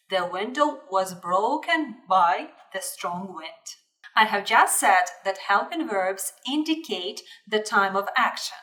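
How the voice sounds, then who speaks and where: A woman gives an English grammar lesson at a very unhurried pace, spelling out each example with deliberate care. Her voice sits at an ordinary middle pitch and comes from a little way off the microphone, so it sounds somewhat distant. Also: a bit bright. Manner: repeats example sentences slowly and clearly. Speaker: English teacher.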